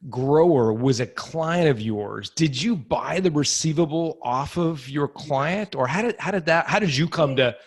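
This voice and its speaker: Host: man, husky and slightly high, easy laugh, probing questions. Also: unhurried, few pauses. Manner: laughs easily, asks clarifying questions. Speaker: podcast host. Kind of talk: interview questions.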